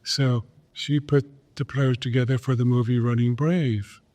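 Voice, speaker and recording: An older man telling a personal story in an interview, slow and earnest, repeating phrases for emphasis. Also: mid-range voice, fairly even intonation, dark tone. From Pine Ridge Reservation, South Dakota, USA. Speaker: guest, Olympic champion. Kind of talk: reflective storytelling in a podcast interview.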